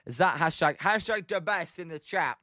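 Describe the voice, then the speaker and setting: Young British male streamer, high and bright register, clean dry close-mic sound, casual self-deprecating chat. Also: expressive, normal speed, no room sound. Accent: British English. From Britain. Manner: chatty, self-mocking, reads chat aloud. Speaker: livestream host watching baseball.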